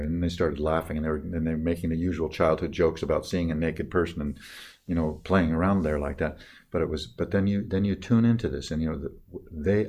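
An older man telling personal stories in a reflective talk, halting with many restarts and trailing off softly at tender moments. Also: low-pitched. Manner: soft-spoken, dropping quieter on tender moments.

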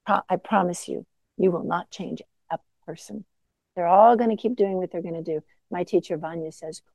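A woman meditation teacher giving a gentle, conversational dharma talk with self-deprecating asides. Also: on the low side, moderate pace, creaky, dry recording, low-quality recording.

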